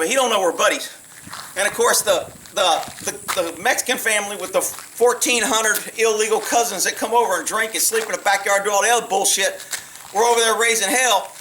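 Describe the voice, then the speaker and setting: A middle-aged man, a police officer, telling stories in a blunt, profane, animated way. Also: high-pitched, recorded from a distance, a little hiss or hum. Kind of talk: casual storytelling monologue.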